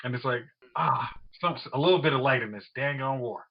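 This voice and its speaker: A man's voice: medium pitch, brisk, creaky. A man co-hosting a podcast, chatting casually about a show and quoting characters playfully. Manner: relaxed, quotes characters in playful voices. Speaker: podcast co-host. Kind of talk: casual movie review chat. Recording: dull lo-fi sound.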